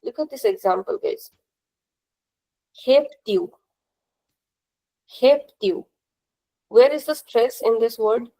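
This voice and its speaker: A woman's voice: on the high side, moderate pace, few pauses, dark tone, low-quality recording. A woman teacher, patiently explaining grammar rules during a live online class, repeating points and checking that students follow. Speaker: language teacher.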